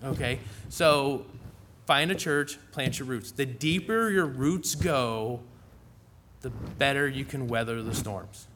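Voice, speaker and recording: A man's voice: mid-range voice, slow, a bit bright, slight background noise. A middle-aged man preaching a sermon in a church in a folksy, conversational way, with asides to the congregation.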